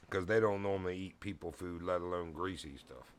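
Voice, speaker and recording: A man's voice: sits low, sharp tone. A man telling a rambling, profane story in casual chat, laughing often and getting heated as he retells it. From Virginia. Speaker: streamer.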